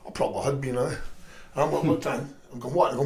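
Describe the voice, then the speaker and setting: A middle-aged man telling stories in a profane, rambling, animated way. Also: medium pitch, racing, vocal fry, roomy sound. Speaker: podcast guest. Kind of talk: casual storytelling chat.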